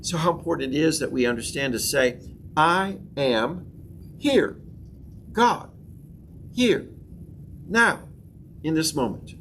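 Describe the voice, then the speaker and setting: A man's voice: mid-range voice, slight background noise. A middle-aged male pastor teaching a sermon class, with rising emphatic proclamations and call-and-response affirmations. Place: church classroom.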